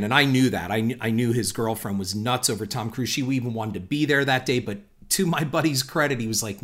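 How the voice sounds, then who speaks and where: A man telling a personal anecdote in an animated, conversational way, speaking to his listeners as folks. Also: medium pitch, a little fast, hardly any pauses. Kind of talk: storytelling anecdote.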